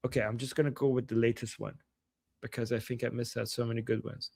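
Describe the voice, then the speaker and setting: A man from Iran, hosting a livestream and talking in a heated, profane way that often rises to shouting. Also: mid-range voice, level tone, fast, gravelly, slightly rough, dry recording. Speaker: host. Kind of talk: livestream commentary.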